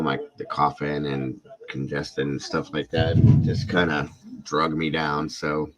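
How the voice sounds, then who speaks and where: A man's voice: extremely low pitch, a bit bright, low-quality recording. A man hosting a casual livestream, greeting viewers by name in a friendly way, his voice congested from illness. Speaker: true crime YouTube livestream host.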